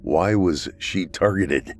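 A man's voice: low-pitched, slow pace, faint music behind. A man voicing a weary, terse deputy sheriff who talks in short, guarded questions. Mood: guarded, probing. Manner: curt, guarded.

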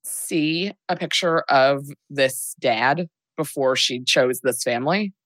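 A woman co-hosting a podcast, chiming in with quick agreement and dry jokes. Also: extremely low pitch, fairly bright tone, no echo. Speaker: podcast co-host. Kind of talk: casual comedic chat.

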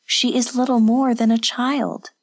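Urgent high-voiced noblewoman, a woman putting her on. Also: little pitch movement, a little slow. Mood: firm, gentle. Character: commanding compassionate noblewoman.

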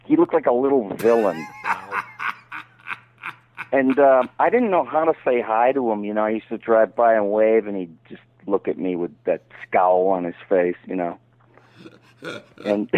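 A man's voice: mid-range voice, moderate pace, phone-quality sound. A man from Detroit, a voice actor guest telling jokey stories in a casual podcast chat. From Detroit, Michigan. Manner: animated, storytelling, jokey.

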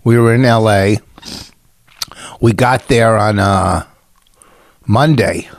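A man hosting a podcast who needles his co-host with dry sarcasm. His voice sits at an ordinary male pitch, and the sound is dry and close. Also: slow pace, no echo. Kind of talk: casual bickering chat.

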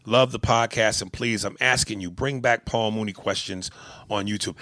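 A man's voice: fairly low pitch, normal speed, pushed and bright. A man co-hosting a casual podcast, joking loosely and swearing often while he reads listener mail. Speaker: podcast co-host.

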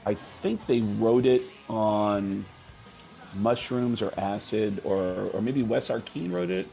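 Brief: male host, gravelly voice, loose rambling chat. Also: fairly low pitch, steady tone, takes it slowly, warm tone, soft background music. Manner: rambling, laughing, many fillers. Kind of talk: casual chat.

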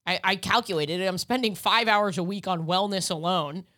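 A woman hosting a casual comedy podcast, quick and brash in her joking banter, with loud bursts of laughter. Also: on the low side, no echo, clean studio sound. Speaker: podcast host.

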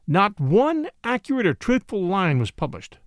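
A man reading a classic short story aloud as narrator, with an expressive, dramatic delivery. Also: high voice, normal speed, dry recording, clean studio sound.

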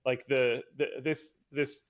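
A man's voice: medium pitch, flat delivery. A male co-host in a casual tech chat, making careful, qualified points. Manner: measured, qualifying, hedging. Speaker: show co-host.

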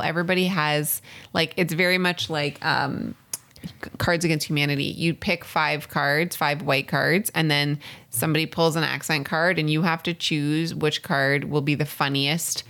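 A woman's voice: sits low, steady tone, moderate pace, fairly bright tone. A young woman co-hosting a podcast in casual chat, laughing easily and swearing offhand. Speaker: podcast co-host.

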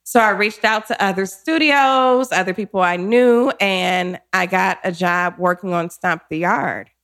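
A woman in her forties, a guest telling her career story in an interview, animated and quick to act out what people said. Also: medium pitch, clean tone. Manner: animated, acts out quotes, laughs often.

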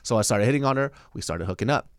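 A young adult man co-hosting a podcast, telling a story in a casual, profane way and jumping high in pitch when quoting people. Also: fast, clean tone, dry recording, studio quality. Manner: animated, profane, jumps high into mimicked quotes. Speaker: podcast co-host and stand-up comic.

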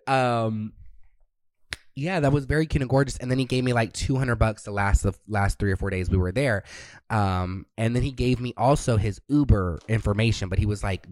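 A male podcast co-host spinning a story in loose, casual chat, peppered with swearing and quick impressions of the people involved. His voice sits at an ordinary pitch, recorded close and dry with no room sound. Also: no room sound. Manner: profane, animated storyteller who acts out quotes.

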